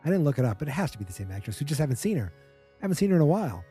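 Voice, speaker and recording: Racing along in a slightly high, sing-song voice, this man sounds husky and dark-toned, with soft music playing behind him. He hosts a podcast and casually recaps a TV episode, chatty and wry, imitating the characters' lines as he goes.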